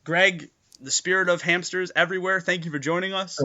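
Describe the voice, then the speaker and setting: A man's voice: sits high, steady tone, fairly quick, sharp tone, lo-fi sound. A man narrating as game master for a tabletop game, loose and full of fillers.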